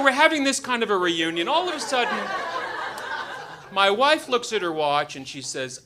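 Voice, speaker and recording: A man's voice: sits high, big pitch swings, moderate pace, crowd noise, background noise. A man telling a funny personal story to a live audience, wry and self-deprecating as he acts out the scenes. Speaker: doctor and storyteller.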